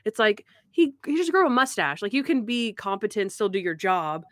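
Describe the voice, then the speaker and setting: A woman in casual chat, recapping a TV episode with lively retellings of scenes. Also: mid-range voice, normal speed, no echo, clean studio sound. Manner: animated retelling with quoted voices.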